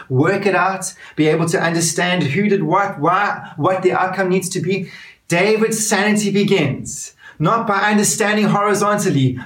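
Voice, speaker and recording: A man preaching a sermon, with rising emphasis that drops to hushed, intimate moments. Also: sits high. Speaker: pastor. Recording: roomy sound from a distance.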